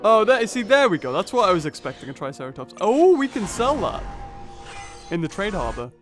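A man's voice: sits high, very animated, a little fast, faint music behind. A young man commentating on a mobile game he is playing, thinking aloud through each move and exclaiming at big hits. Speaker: gaming channel host. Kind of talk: let's play commentary.

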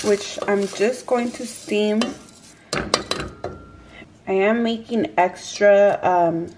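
A woman vlogger casually talking through each cooking step in her home kitchen. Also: medium pitch. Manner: relaxed, talks through each step as she works. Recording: kitchen noise with clicks and clatter.

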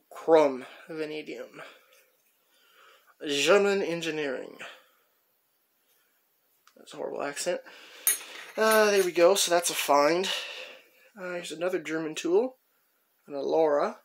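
A man casually showing his tool finds one by one, chatting in a rambling way with lots of pauses. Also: a little high, gravelly, a bit bright. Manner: rambling, chatty, many "uh" pauses while handling tools. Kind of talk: casual show-and-tell narration.

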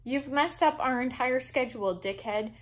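A woman's voice: high voice, moderate pace, close to an everyday voice. A woman reading aloud the lines of a sarcastic, irritated young man.

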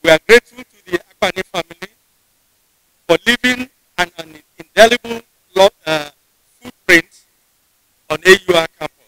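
A man with a Nigerian English accent delivers a formal ceremonial address, pitched high for a man. He speaks in a measured, deliberate way and often restarts a phrase mid-sentence. The sound is dry and close, with little room echo. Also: sharp tone. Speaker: university official giving a convocation address. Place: ceremony venue.

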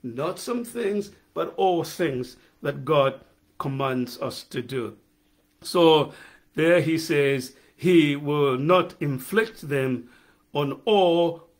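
A man's voice: on the high side, slow pace. A male pastor preaching a sermon, emphatic, repeating key phrases and putting questions to the listeners.

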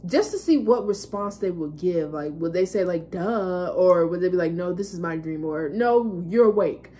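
Candid rambling woman vlogger, low voice. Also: moderate pace, dark tone. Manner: candid, rambling, swears casually. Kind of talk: casual storytelling monologue.

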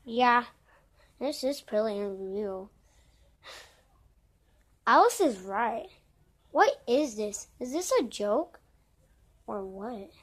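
A high-pitched woman voices a whole group of characters in a homemade story. She is brash and swears freely, and her speech comes slow and drawn out. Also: expressive. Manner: brash, swears often, switches between shouting and mumbling. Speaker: voice-over creator.

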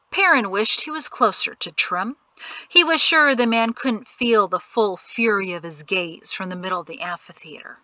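A woman narrates an audiobook with a bright, crisp voice pitched a little high. The sound is close and dry, with steady storytelling delivery. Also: normal speed, no echo, low-quality recording. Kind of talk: scripted narration.

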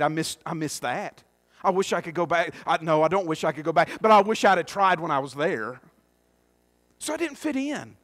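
High-voiced folksy preacher man. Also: sharp tone, no echo. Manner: folksy, earnest, with many restarts and asides. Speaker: pastor. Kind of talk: sermon and prayer. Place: church sanctuary.

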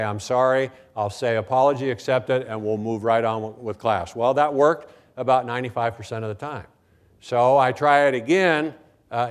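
An older man giving a conference talk about teaching, telling stories and acting out the voices of students in between frequent "okay, now" asides. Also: mid-range voice. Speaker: speaker at a conference. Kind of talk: keynote talk with anecdotes.

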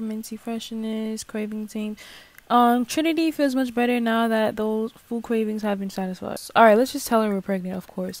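A woman's voice: mid-range voice, a little mellow. A young woman hosting a gaming channel, chatting casually and reacting as she plays a life-sim game, swearing now and then. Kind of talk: casual let's play commentary.

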